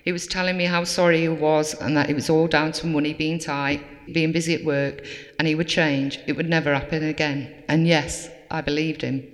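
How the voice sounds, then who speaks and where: A woman giving a measured, plain-spoken personal testimony to an audience in a large hall. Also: low-pitched, little pitch movement. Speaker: survivor giving a talk. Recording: long hall reverb.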